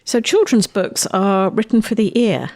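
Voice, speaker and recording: A woman host and author telling a personal story in a scripted, lively reading style. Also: medium pitch, unhurried, no echo, clean studio sound.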